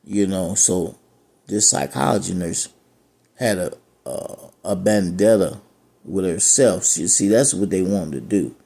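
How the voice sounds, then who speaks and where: Deep gravelly man telling his grievance. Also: a little slow, mellow. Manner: rambling, repeats himself, restarts often; aggrieved and frustrated. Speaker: dialysis patient telling his story. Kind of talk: personal testimony.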